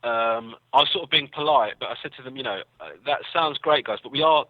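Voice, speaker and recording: An English man rattles through rambling stories with dry, self-deprecating wit. He talks quickly, and the sound is dry and tinny, as if over a phone line. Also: mid-range voice, no room sound. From England. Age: young adult. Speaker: guest comedian. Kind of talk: casual storytelling.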